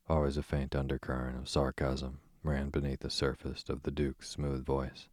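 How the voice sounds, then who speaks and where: A man narrating an audiobook in a measured, even reading. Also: extremely low pitch, no room sound, clean studio sound. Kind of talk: scripted narration.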